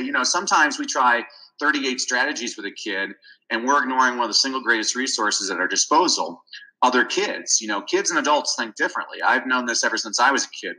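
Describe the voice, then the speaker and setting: A man who is a guest on a podcast, telling stories in an animated, enthusiastic way. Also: mid-range voice, low-quality recording. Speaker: guest, reading advocate. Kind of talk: storytelling interview talk.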